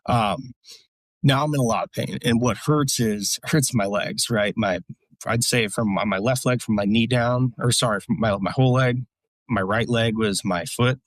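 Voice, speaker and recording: A man's voice: medium pitch, moderate pace, no room sound. A man, a military veteran, casually telling blunt, profane war stories as a podcast guest, with many fillers. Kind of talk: casual storytelling.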